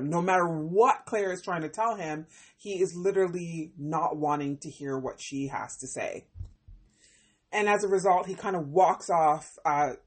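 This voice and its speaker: A woman hosting a podcast that reviews a TV series, talking casually in an animated, expressive way, often exclaiming and laughing. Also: fairly low pitch, slightly rough.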